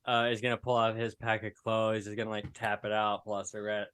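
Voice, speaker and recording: A man's voice: lowish voice, monotone, fast, fairly bright tone, smooth. A man describing his character's actions in a laid-back way during a tabletop game. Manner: laid-back, chuckling narration. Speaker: player.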